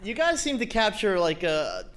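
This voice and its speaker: A man in a comedy club audience asking a rambling question in halting phrases. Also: high voice, huge pitch swings, a bit bright, a little hiss or hum.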